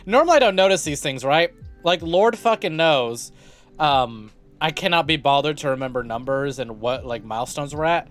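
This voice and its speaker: A man's voice: on the high side, moderate pace, soft background music. A young man streaming live, greeting his chat over and over and rambling jokily with lots of swearing. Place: home streaming setup.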